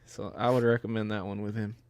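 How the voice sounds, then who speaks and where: A man's voice: fairly low pitch, level tone, fast talker, darkish tone, no echo, studio quality. A man co-hosting a casual movie chat, laid-back and laughing often as he mimics lines from films. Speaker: co-host of a movie watch-along.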